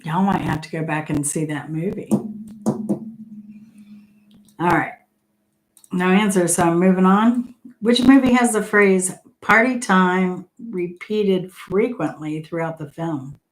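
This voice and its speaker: Middle-aged lady running live trivia, slow easy delivery, kinda low voice, laughs a lot, reads out questions, greets chat. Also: low-quality recording. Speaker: host of live trivia stream. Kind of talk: casual live-stream trivia hosting.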